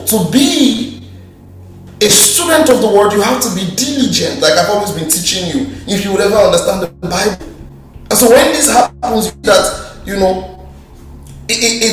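High-voiced preacher in an echoey hall. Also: male voice. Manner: lively, asks the crowd rhetorical questions, jokes in slang. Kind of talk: sermon. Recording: very echoey hall, mic far off.

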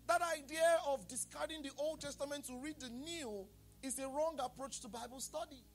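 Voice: high voice, normal speed. A Bible study teacher who keeps asking the class to fill in answers and checks that they are following. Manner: quizzes the class with fill-in questions; often checks that listeners follow.

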